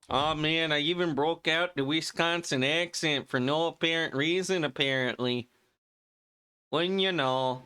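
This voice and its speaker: A male streamer chatting casually over a video game, rambling and amused at himself. His voice is bright and clean, and sits a little high. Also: unhurried, clean tone. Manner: rambling and self-amused, laughs often. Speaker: gaming streamer. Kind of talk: casual gameplay commentary.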